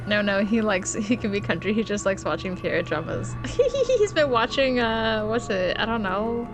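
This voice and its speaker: A woman's voice: mid-range voice, normal speed. A woman streaming a visual novel, chatting casually in a rambling way and laughing often. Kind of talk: casual chat and reading game text aloud. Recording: game music behind.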